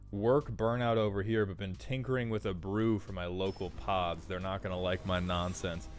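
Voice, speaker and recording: A man's voice: deep voice, steady tone, unhurried, soft background music. A man streaming live, chatting casually and cheerfully greeting viewers by name.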